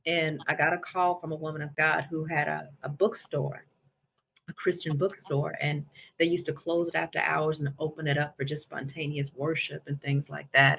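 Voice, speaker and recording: Woman guest, intense storyteller, gravelly and sharp-toned. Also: low-pitched, slight background noise. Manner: intense, emotional retelling. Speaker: podcast guest. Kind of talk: personal storytelling.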